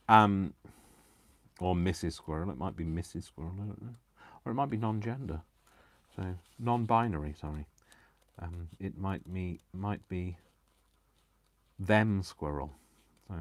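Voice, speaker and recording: A man's voice: deep voice, animated, normal speed, pauses often, no echo. A man hosting a crafting livestream, chatting in a rambling, giggly, self-deprecating way. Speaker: craft channel host. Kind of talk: casual livestream chat while crafting.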